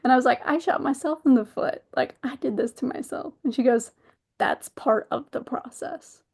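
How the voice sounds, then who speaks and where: A woman co-hosting a podcast, chatting casually and telling stories with animated energy. Her voice sits a little high, with a gravelly fry in the lower notes. She laughs often and acts out the quotes in her stories. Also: normal speed. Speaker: podcast co-host. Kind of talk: casual chat.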